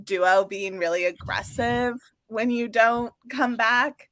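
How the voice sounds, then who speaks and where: Bright-voiced woman hosting a chatty stream. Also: a little high, takes it slowly, dry recording. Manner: chatty, upbeat, frequent fillers. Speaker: live stream co-host. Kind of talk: casual chat. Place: home or office, working from New York.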